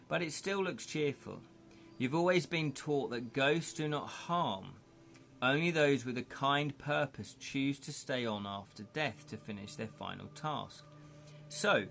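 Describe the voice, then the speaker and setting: A man's voice: mid-range voice, vocal fry, fairly bright tone. A man reading a choose-your-own-adventure book live, chatty with jokey asides. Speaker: game host and reader.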